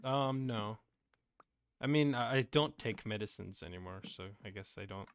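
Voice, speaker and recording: A man's voice: fairly low pitch, normal speed, smooth, no room sound, studio quality. A young man streaming a game and chatting casually, playful and teasing. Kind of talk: casual gaming stream chat.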